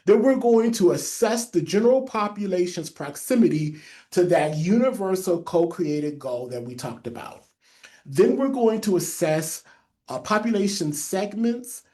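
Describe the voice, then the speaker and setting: Mellow-voiced man with a lisp. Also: on the high side. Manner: emphatic, repeats key phrases for note-takers. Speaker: public health trainer. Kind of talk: webinar presentation.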